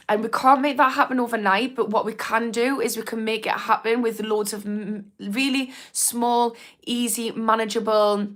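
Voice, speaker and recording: A woman's voice: fairly high pitch, steady tone, moderate pace, few pauses, fairly bright tone. A young woman from England with a Geordie accent, an addiction therapist chatting frankly on a livestream, swearing and laughing as she reads comments. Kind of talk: casual livestream talk reading chat comments.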